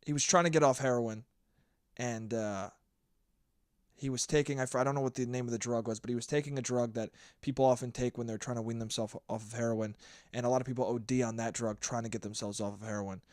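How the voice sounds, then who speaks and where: A man's voice: medium pitch, steady tone, fast talker, clean tone, dry recording, studio quality. A young man hosting a solo podcast, telling stories in a blunt, profane rant. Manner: blunt, profane, ranting storyteller. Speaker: podcast host.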